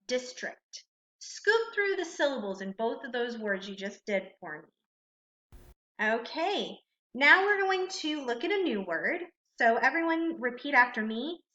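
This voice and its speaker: A woman's voice: a little high, pushed and bright. A woman teacher giving a spelling lesson, dictating words and sounding them out syllable by syllable. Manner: slow, deliberate, sounding out syllables. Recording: echoey room, dull lo-fi sound.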